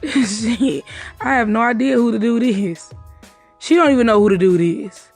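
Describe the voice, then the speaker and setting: A woman's voice: a little high, creaky, faint music behind. A woman casually recounting events from a night out, swearing freely and acting out what others said. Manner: profane, talks fast and acts out the quotes. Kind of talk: casual storytelling.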